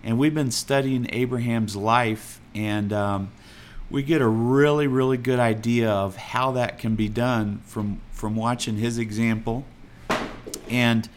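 A man's voice: medium pitch, steady tone, unhurried, a little hiss or hum. A man with a Texas accent preaching a sermon in an earnest, conversational way, with fillers and restarts. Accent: Texan. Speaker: pastor.

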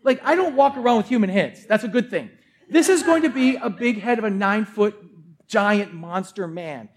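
A man's voice: sits high, expressive, moderate pace. A man preaching a casual, conversational sermon who often says "like". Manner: casual, conversational, uses "like" a lot. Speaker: pastor.

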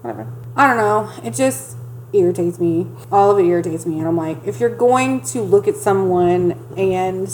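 Swearing her way through a fired-up rant, a Southern US woman co-hosts a casual podcast. She talks at a normal speed in a mid-range, slightly mellow voice. The low-quality recording carries slight background noise.

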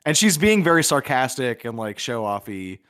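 A young man talks through a movie on a podcast in a loose, rambling way, leaning on "like" as he thinks aloud. His voice sits at an ordinary middle pitch for a man. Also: big pitch swings, moderate pace, fairly bright tone. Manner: rambling, frequent "like" fillers. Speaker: podcast co-host. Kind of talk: casual film discussion.

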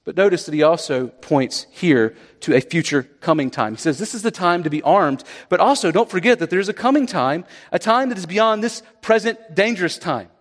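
A man delivers an earnest sermon and keeps pressing his listeners with rhetorical questions. His voice sits high for a man. The sound carries a long reverb, as in a large hall. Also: lively intonation, normal speed, few pauses. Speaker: pastor.

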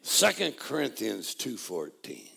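An older man preaching a sermon, joking folksily and building to shouted praise. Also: fairly low pitch, huge pitch swings, unhurried, creaky. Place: church hall. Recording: live church audio with crowd. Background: congregation laughing and responding.

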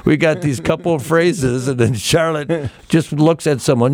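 A man's voice: on the high side, normal speed, darkish tone. An older man, a comedian guest on a radio show, chatting casually, laughing often and restarting his sentences.

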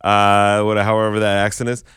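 A man's voice: lowish voice, little pitch movement, a little fast, a bit bright, smooth, dry recording, clean studio sound. A man co-hosting a morning radio show, chatting casually and telling stories, acting out other people's lines as he goes. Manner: storytelling, chatty, acts out quoted lines.

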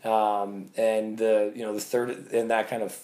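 A man as a podcast guest, telling sales stories in a casual, animated way and acting out bits of dialogue. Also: fairly low pitch, a little slow. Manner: animated storyteller, acts out quoted dialogue. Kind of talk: casual interview talk.

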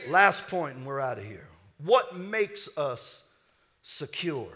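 A man's voice: fairly high pitch, very animated, takes it slowly, bright, forceful tone. A man preaching a sermon as pastor, building with rising fervor and leading the congregation in call-and-response.

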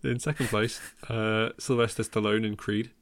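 A man's voice: fairly low pitch, level tone, moderate pace, no echo. A man hosting a casual film podcast, talking in a wry way with many ums and chuckles at his own jokes. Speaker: podcast host.

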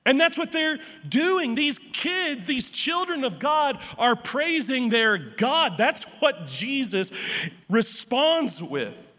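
A man preaching a sermon as pastor, emphatic and animated, often laughing and restarting his sentences. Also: very high-pitched, slow pace, long reverb tail.

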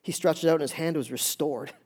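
A man's voice: a little high, quick pace, a little mellow, breathy edge. A man preaching a sermon in a church, talking conversationally and often asking the congregation questions. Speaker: pastor.

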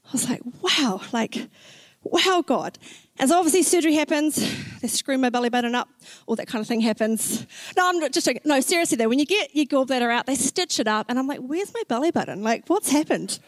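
A young woman sharing a personal faith story in a chatty, expressive way, with many "like" fillers and acted-out reactions. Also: high-pitched, fairly quick, dry recording. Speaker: speaker sharing a faith testimony.

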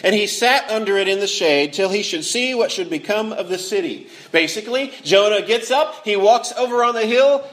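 A man with a notably high voice delivers a sermon in an earnest, expressive way. He often repeats words mid-sentence, and he brings the quoted lines to life with feeling. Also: normal speed, hardly any pauses. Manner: frequent word repeats. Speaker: preacher.

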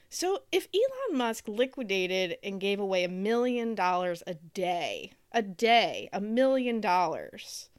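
Animated sarcastic woman ranting. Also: mid-range voice, clean tone, no echo. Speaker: podcast co-host. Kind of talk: casual chat.

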